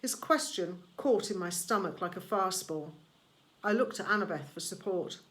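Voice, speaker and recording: A woman reading a novel aloud in first person, measured and expressive. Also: lowish voice. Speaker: audiobook reader.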